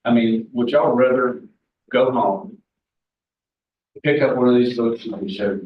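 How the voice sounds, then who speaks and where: Recorded on a distant mic with a little hiss or hum, a medium-pitched man speaks without hurry. In his forties, he's the guest at a real estate team meeting, casually telling candid stories and kidding around with the room; the space sounds echoey and dull.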